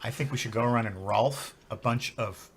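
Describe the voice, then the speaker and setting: A man's voice: medium pitch, normal speed, a little hiss or hum. A man hosting a comedy tabletop game show, recapping the story with wry, playful chat. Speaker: game host.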